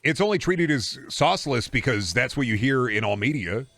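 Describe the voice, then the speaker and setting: A man's voice: medium pitch, expressive, moderate pace, a bit bright, no room sound. A young man with a Midwestern American accent, streaming a game and chatting casually with his chat in a rambling way. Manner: rambling, reading and answering chat.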